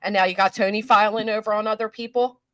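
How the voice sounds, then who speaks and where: A woman's voice: mid-range voice, fairly even intonation, fast, a bit bright, dry recording. A woman hosting a casual live stream, talking in a brash, profane, mocking way. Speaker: host.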